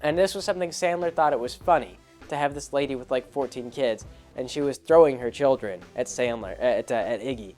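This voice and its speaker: A man at an ordinary middle pitch tells a long tabletop game story in a loose, rambling way, often repeating words. Faint music plays quietly behind him. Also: animated, normal speed. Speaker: host. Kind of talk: casual anecdote about a tabletop game.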